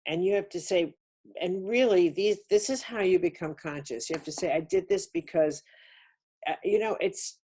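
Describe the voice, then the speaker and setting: Older woman, spiritual lecturer, insistent and repetitive, low husky voice. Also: moderate pace, dark tone. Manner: emphatic, insistent, repeats key words. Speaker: speaker on a webinar. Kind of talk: spiritual teaching talk.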